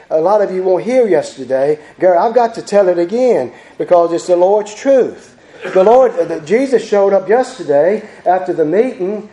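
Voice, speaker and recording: In a church sanctuary, a man preaches a fervent, repetitive sermon, stumbling and restarting his sentences. His voice is high and warm, and the recording echoes through the hall.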